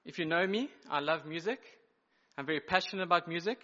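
A man preaching an evening sermon, explaining scripture in an emphatic teaching manner with measured pauses and occasional self-corrections. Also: fairly high pitch, bright, forceful tone. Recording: dull lo-fi recording.

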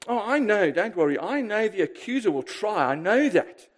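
High-voiced male preacher, emphatic. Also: normal speed, hardly any pauses. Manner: emphatic, with rhetorical questions to the congregation; lively, alternating loud bursts and quiet asides. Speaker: pastor. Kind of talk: sermon.

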